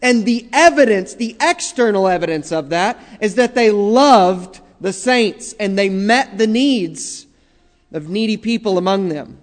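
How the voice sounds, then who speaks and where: A man preaching a sermon as pastor, slow and emphatic, drawing out key phrases. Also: high-pitched, lively intonation, in a large hall.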